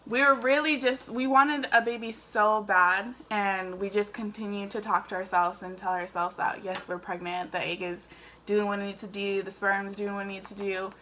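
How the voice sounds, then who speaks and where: A woman's voice: mid-range voice, fairly even intonation, moderate pace, bright, forceful tone, slight background noise. A woman telling her own story casually to camera, chatty and full of fillers. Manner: chatty, emotional, many fillers. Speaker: vlogger.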